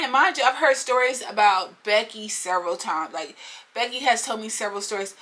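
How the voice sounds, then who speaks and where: A young woman telling a storytime vlog in an animated, slangy way, talking straight to her viewers. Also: fairly high pitch, brisk. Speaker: storytime vlogger.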